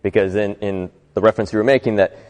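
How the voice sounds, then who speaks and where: A man's voice: lowish voice, steady tone, fast talker, darkish tone, in a large hall. A man giving an inspirational talk to a live audience in a conversational way, often asking listeners rhetorical questions. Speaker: motivational speaker.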